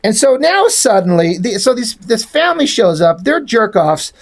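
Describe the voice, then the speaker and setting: A man's voice: high-pitched, big pitch swings, moderate pace. A man reviewing a comic book in casual talk, rambling, exasperated and swearing freely.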